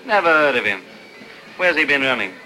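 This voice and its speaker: Cocky, mocking jockey. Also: male voice, on the high side, very animated, a little fast, sharp tone, faint music behind, full character voice, low-quality recording. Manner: mocking, nosy. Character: cocky, suspicious male jockey.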